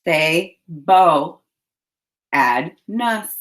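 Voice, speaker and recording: A woman teacher leading a phonics lesson for young children, giving slow, clearly enunciated prompts. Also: deep voice, animated, fairly bright tone.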